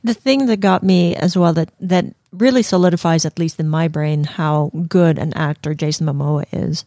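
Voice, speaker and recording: A woman's voice: deep voice, steady tone, moderate pace, dark tone, no echo, studio quality. A woman co-hosting a casual film review podcast, emotional and giggly, with many fillers. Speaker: podcast co-host.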